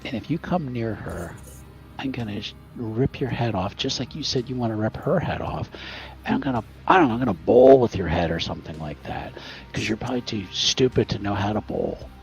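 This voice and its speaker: A brash young thug with a taunting, swaggering edge, put on by a man. his voice is gravelly and swings widely in tone, on a slightly dull, lo-fi recording with faint music behind. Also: fairly low pitch, sing-song, fairly quick. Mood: cocky. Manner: cocky, mocking, threatening. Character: brash reckless young male thug driver.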